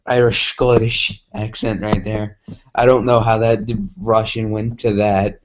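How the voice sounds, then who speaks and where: Slow, rambling low-voiced man. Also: flat delivery. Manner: rambling, self-mocking. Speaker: gameplay vlogger. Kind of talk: casual commentary while reading aloud.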